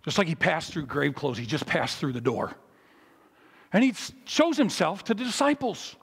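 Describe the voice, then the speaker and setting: A man preaching in a chapel in a fairly high voice with a gravelly, husky grain. He tells the story in an animated way, rising loud and then falling low and quiet. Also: moderate pace, big-room sound. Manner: animated storytelling with big swings in pitch and loudness. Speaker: pastor. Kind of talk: sermon at a memorial service.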